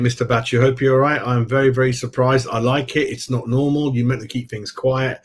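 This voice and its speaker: Chatty man who keeps saying "mate". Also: medium pitch. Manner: rambling, replies to viewers mid-stream. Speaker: football fan channel host. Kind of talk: casual live-stream chat.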